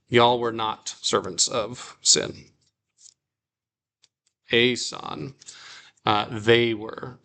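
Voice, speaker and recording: A man teaching a relaxed Bible Greek class, reading example sentences aloud and explaining them slowly with casual fillers. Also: medium pitch, gravelly.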